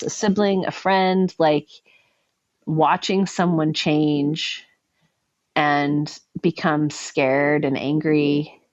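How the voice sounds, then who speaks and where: Emotional woman, halting, muffled dry sound. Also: sits low, no echo. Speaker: guest sharing her story. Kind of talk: personal testimony.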